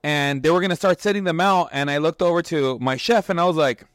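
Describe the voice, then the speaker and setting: Chef and host in his thirties, fairly high-pitched and animated, swears freely and stumbles over restarts, recorded close and dry with almost no room sound. Loose storytelling chat. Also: quick pace, few pauses, no echo. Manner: profane, animated, restarts often, acts out quotes. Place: restaurant kitchen.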